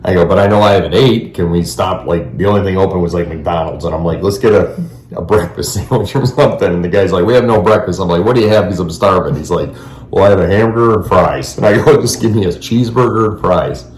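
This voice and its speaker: A man's voice: deep voice, fast talker, darkish tone, roomy sound. A man co-hosting a casual chat, laid-back and laughing as he tells stories. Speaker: co-host.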